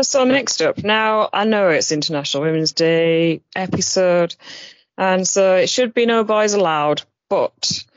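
Relaxed woman, podcast host, dry close muffled audio. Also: lowish voice, no echo. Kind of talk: casual podcast chat.

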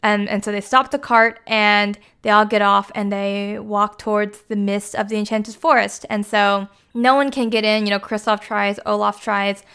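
A young woman with a smooth, clear voice at a middle pitch, recapping a film in a loose, conversational way. She is full of casual fillers and keeps slipping into the characters' quoted lines. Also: little pitch movement, moderate pace, hardly any pauses, a bit bright. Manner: chatty, filler-heavy, acts out quotes.

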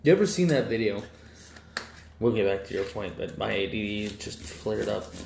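A man co-hosting a podcast in profane casual banter, laid-back and quick to laugh. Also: lowish voice, animated, creaky. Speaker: podcast co-host. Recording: echoey room with faint noise.

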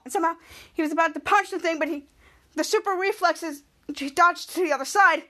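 A woman's voice: very high voice, fairly quick, bright, forceful tone. A woman podcast host recapping a TV episode casually and rambling, stringing scenes together with repeated "cut to.".

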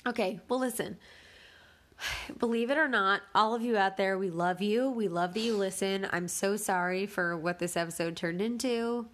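A woman's voice: medium pitch, normal speed. A woman co-hosting a casual podcast, teasing and laughing easily as she chats. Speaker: podcast co-host. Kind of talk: casual chat.

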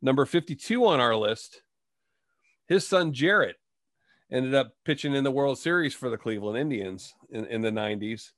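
A man's voice: mid-range voice, lively intonation, moderate pace, fairly bright tone, dry recording. Guy hosting a baseball talk show, dead dry close mic, reels off stats. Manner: reads stats, asks questions. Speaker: host. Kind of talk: casual sports talk.

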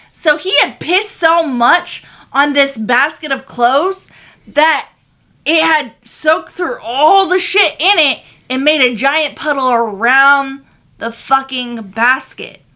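A woman co-hosting a casual podcast, telling a story in an animated way and swearing freely. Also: high voice, takes it slowly. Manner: animated, swears freely, loud when retelling. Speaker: podcast co-host.

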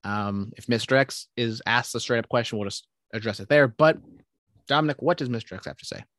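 A man's voice: mid-range voice, fairly quick, a bit bright, no room sound. Young guy cohosting a podcast, rambly, swears a lot, dry close sound. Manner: rambling, swears casually, many restarts. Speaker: podcast co-host. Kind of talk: casual chat.

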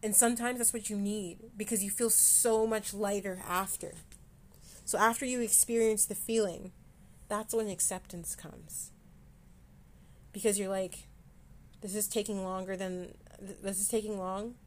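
Brief: woman hosting a personal podcast, candid and self-mocking, halting delivery, emotion just beneath the surface. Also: medium pitch, fairly even intonation. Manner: candid, self-deprecating, halting with fillers and restarts. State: close to tears at times. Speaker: podcast host. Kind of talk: personal mental health podcast.

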